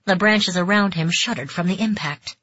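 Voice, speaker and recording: A woman reading a novel aloud in calm, even scripted narration. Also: mid-range voice, moderate pace, dry recording. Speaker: audiobook narrator. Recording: dull dry audiobook recording.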